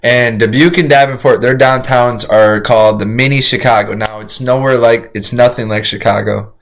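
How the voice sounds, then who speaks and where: A man streaming a reaction to a crime video, talking casually to his chat, excitable and profane, rambling with frequent restarts. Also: mid-range voice, moderate pace.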